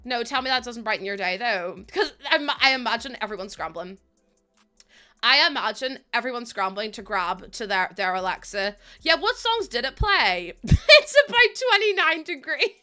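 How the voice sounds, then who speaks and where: Bright, giggly young Northern Irish woman streamer, chatty with faint music underneath. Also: medium pitch, moderate pace. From Northern Ireland. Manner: chatty, giggly, loose and animated. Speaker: live streamer. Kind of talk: casual chat with live chat.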